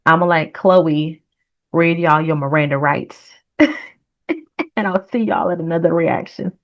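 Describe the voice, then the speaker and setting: A woman's voice: sits low, unhurried, muffled recording. A woman giving a casual reaction commentary on a trailer as the host of her channel, chatty and earnest, with encouraging, faith-tinged sign-offs. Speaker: reaction vlogger.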